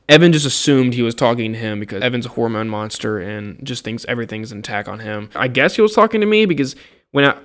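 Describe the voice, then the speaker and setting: A young man casually recounting a college dorm argument, exasperated, swearing freely and acting out what others said. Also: medium pitch. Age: young adult. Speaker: college student telling a story. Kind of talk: casual storytelling to camera.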